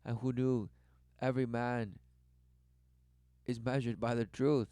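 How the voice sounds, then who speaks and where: A man giving religious commentary over clips, repeating rhetorical questions and swinging between loud bursts and low mutters. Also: flat delivery, a little slow, clean tone, dry recording. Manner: repetitive rhetorical, keeps asking "who knew". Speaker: online commentator.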